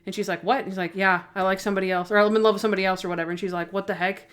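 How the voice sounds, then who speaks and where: A woman's voice: medium pitch, racing, smooth. A woman co-hosting a casual podcast, eagerly retelling TV episodes and acting out the characters' lines. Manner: animated storyteller, acting out quoted lines with laughs. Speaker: podcast co-host. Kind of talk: casual chat, retelling TV scenes.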